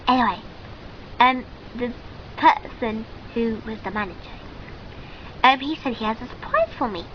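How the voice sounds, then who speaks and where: A woman's voice: fairly high pitch, measured pace, pauses often, muffled recording, a little hiss or hum. A woman telling a comic sketch in character, rambling and giggly, with many ums and restarts.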